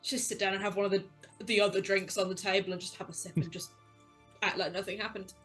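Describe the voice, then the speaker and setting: A woman's voice: mid-range voice, level tone, fast, a bit bright. Woman tabletop player, hesitant and thinking aloud, faint music behind. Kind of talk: casual chat at a tabletop game.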